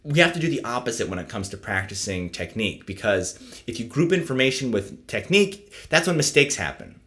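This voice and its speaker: A man teaching saxophone in a casual instructional video, explaining his practice routine in a relaxed way and often checking in with "right?". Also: medium pitch, fairly quick.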